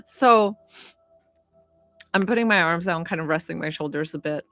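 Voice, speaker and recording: A woman's voice: fairly low pitch, normal speed, no echo, faint music behind. A woman talking casually to viewers on a live stream as a psychic medium and healer, chatty and rambling with lots of fillers. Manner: chatty, warm-hearted, rambling with many fillers.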